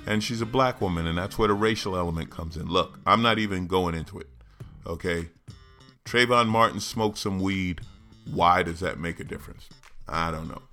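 A man's voice: low-pitched, a bit bright. A man hosting a podcast, riffing sarcastically and animatedly on news stories. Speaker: podcast host. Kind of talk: comedic news commentary.

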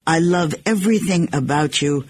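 A woman's voice: low-pitched, normal speed, a little mellow, a little hiss or hum. A woman hosting a casual interview, teasing and affectionate with her guest. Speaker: radio host.

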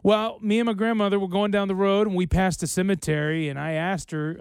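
A man's voice: high-pitched, little pitch movement, brisk, vocal fry, few pauses, clear, resonant tone, dry recording. A man in his thirties hosting a radio show in casual banter, telling jokes with little put-on quotes. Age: 30s.

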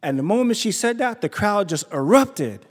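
Animated New man telling a story on stage. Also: moderate pace. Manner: animated, acts out quotes with big pitch jumps. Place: theater stage before an audience. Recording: live stage recording with hall reverb.

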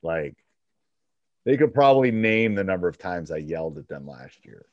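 A man with a fairly low voice talks a fellow coach through his advice in an easy, conversational way, often acting out both sides of a dialogue. The sound is dry and close, with no room around it. The call audio is dull and lo-fi. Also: sing-song, moderate pace, darkish tone, no echo. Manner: conversational, acts out back-and-forth dialogue. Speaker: basketball coach and podcast host.

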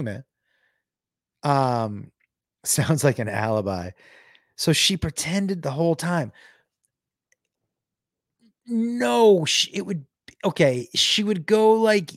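A man with a somewhat high voice tells a story to his live chat, stopping and restarting often and leaning on fillers. The sound is dry and close, with no room echo. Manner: halting, full of restarts and fillers. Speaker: livestream host.

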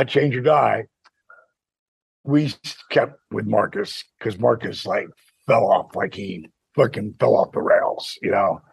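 Gravelly older man, animated. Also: mid-range voice, no echo. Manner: animated storyteller, laughs often. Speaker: podcast co-host. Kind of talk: casual chat.

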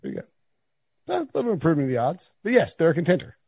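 A man's voice: fairly high pitch, wildly swooping pitch, very fast, creaky, darkish tone, slightly rough, no echo. A man hosting a sports podcast, bantering casually with friends and often laughing. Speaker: podcast host.

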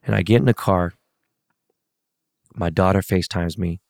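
A man's voice: low voice, moderate pace, vocal fry, darkish tone, dry recording, clean studio sound. A middle-aged man in a casual, profane rant, venting about a loss. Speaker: sports fan.

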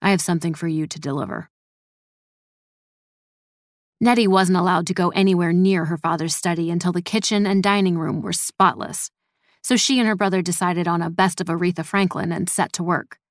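A woman reading a story as a scripted narration in an even, measured manner. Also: lowish voice, dry recording, clean studio sound. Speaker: audiobook narrator.

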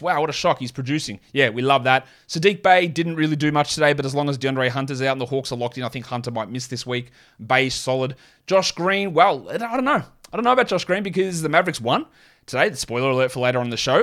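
A man hosting a fantasy basketball podcast in a casual solo talk, with offhand asides and quick opinions. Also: medium pitch, a bit bright.

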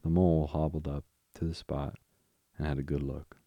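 Very deep, calm male storyteller. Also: normal speed, no room sound, highs cut off. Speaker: podcast host and reader. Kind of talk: slow bedtime story narration.

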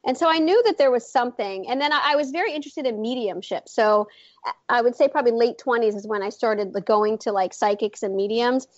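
A woman's voice: on the high side, a little fast, dry recording, muffled recording. A woman in her forties, an author and intuitive, chatting as an interview guest and rambling through her story with many fillers and restarts.

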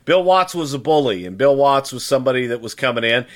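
A man's voice: medium pitch, lively intonation, fast talker. A middle-aged man on a podcast who recalls his career in a blunt, emphatic way and firmly denies claims made about him. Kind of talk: casual podcast conversation.

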